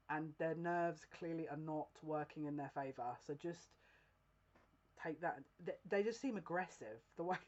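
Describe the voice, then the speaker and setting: A woman's voice: low voice, darkish tone. A woman reads for her viewers in a casual, confiding tone of voice. She keeps breaking into giggles and restarting her sentences. The home recording sounds a little dull. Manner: earnest, confiding, direct address to viewer. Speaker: psychic reader. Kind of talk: casual tarot-style general reading to camera.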